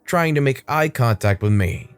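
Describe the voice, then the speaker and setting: Lively young man telling stories. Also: mid-range voice, normal speed, clear, resonant tone, no echo. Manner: expressive, dramatic storytelling. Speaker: narrator of online stories. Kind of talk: storytime narration.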